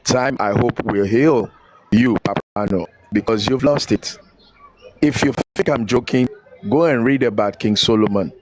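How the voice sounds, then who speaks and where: A man's voice: medium pitch, moderate pace, darkish tone, low-quality recording. A man with a Nigerian accent in a heated rant, scolding and preaching and repeating phrases to drive his point home. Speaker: online commentator.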